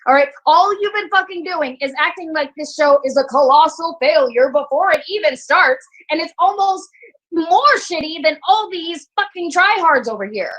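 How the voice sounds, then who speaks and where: An actress playing a foul-mouthed, scornful young actress who sneers and throws profane insults in a scripted video-call comedy. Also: female voice, very high voice, lively intonation, normal speed, a bit bright, low-quality recording. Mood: angry.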